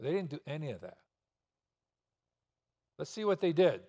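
In a church sanctuary, a male pastor delivers a sermon, firing off rhetorical questions and driving points home with sudden bursts of emphasis. His voice is slightly high, very animated and warm, at a normal speed. The recording carries the long reverb of a church hall.

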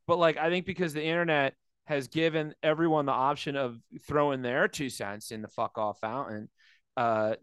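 A man's voice: mid-range voice, a bit bright, clear, resonant tone, dry recording. A man chatting casually as a comedian co-host, acting out quotes in different voices and swearing freely. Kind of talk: casual podcast chat.

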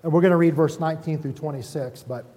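Folksy pastor preaching in a reverberant hall. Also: male voice, on the high side, fast, mellow. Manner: folksy, self-deprecating, talks to the congregation with frequent "right?". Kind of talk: conversational sermon.

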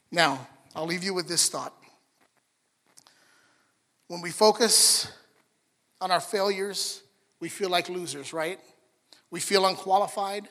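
Male pastor, sermon, bright, forceful tone, conversational and earnest, reverberant hall. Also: high voice, takes it slowly, pauses often. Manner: conversational, earnest, with restarts and asides to the congregation.

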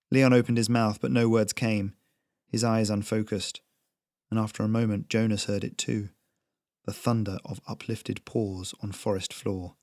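Low voiced guy reading a story slow and steady, dead dry sound. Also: dry recording. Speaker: narrator. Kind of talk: scripted storybook narration.

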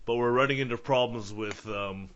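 A man's voice: mid-range voice, normal speed, fairly bright tone, highs cut off, a little hiss or hum. A man co-hosting a podcast in casual, joking chat, laughing often. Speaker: podcast co-host.

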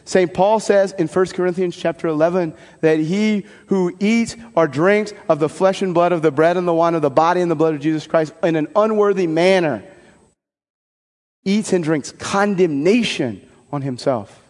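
Male priest, high-pitched, chatty animated homily, reverberant church. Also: moderate pace. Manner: conversational, animated, folksy asides. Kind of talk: sermon.

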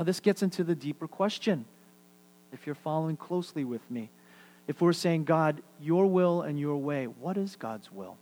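Brief: middle-aged male pastor, lively sermon delivery, voice a bit on the high side, repeats key lines. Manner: animated preaching, swings between loud emphasis and quiet asides; repeats phrases for emphasis.

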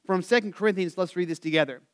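A male pastor preaching a sermon, asking the congregation to answer back, rising animated and then dropping soft at phrase ends. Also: high-pitched, quick pace, clean tone. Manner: asks the congregation for call-and-response answers.

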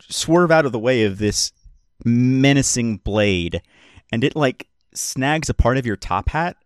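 A man narrating as game master of a tabletop role-playing game, relaxed and hesitant, with many fillers. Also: mid-range voice, unhurried, dry recording, studio quality.

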